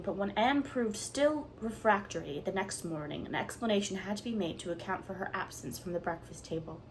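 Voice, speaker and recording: A woman's voice: on the low side, a little hiss or hum, low-quality recording. Woman reading a classic storybook aloud. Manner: expressive, measured reading. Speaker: audiobook reader. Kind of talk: storybook narration.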